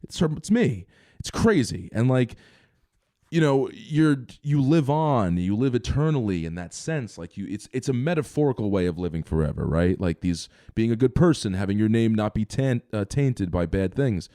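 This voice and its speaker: A young man co-hosting a podcast, telling stories in a rambling, animated way with lots of fillers. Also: lowish voice, moderate pace, dry recording, clean studio sound. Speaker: podcast co-host. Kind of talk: casual chat.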